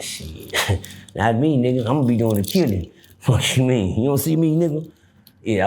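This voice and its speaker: A middle-aged man telling prison stories in an animated way, acting out other people's voices and swearing freely. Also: moderate pace, vocal fry. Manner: acts out voices, swings pitch widely, swears freely. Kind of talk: animated storytelling.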